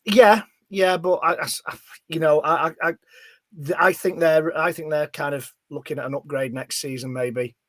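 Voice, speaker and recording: List: man, sports pundit, hesitant, halting, dry recording. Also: on the high side, steady tone, a bit bright, no room sound. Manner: hesitant, many restarts and fillers. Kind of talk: casual sports chat.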